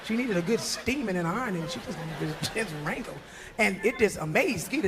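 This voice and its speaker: A woman's voice: mid-range voice, lively intonation, a little fast, big-room sound, a crowd in the background. A woman telling a long comic story in a folksy, chatty way, repeating words for effect. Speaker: gospel singer doing stand-up.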